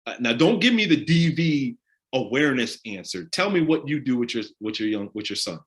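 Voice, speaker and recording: A man runs an interactive talk with a lively, rising and falling voice. He speaks in an animated way and keeps asking his listeners direct questions. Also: mid-range voice, brisk. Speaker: discussion leader on a live stream.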